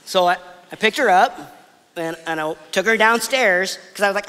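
In a big church hall, a male pastor with a high, clear, resonant voice delivers a sermon as long reverb trails each phrase. He speaks casually, telling stories conversationally, then slows into soft, weighty, emphatic pauses.

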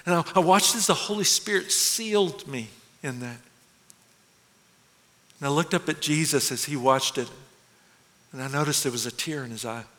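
A man's voice: on the high side, normal speed, pauses often, sharp tone. Earnest man in an echoing hall. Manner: earnest and confessional, with stammered restarts. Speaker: dramatic monologue performer. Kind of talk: first-person dramatic sermon monologue. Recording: echoey hall.

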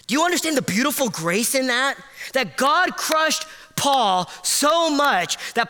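Impassioned high-voiced preacher in a hall. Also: male voice, very animated, measured pace. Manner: impassioned, climbing high and loud at emotional peaks, dropping soft and low; casual, self-deprecating asides with fillers. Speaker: pastor. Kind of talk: sermon.

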